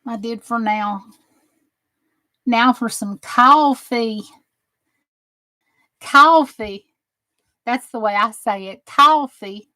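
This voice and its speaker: A woman's voice: a little high, steady tone, takes it slowly, pushed and bright, no echo. A woman with a Southern US accent hosting a crafting channel, chatting casually with viewers, sarcastic and teasing at times and earnestly encouraging at others.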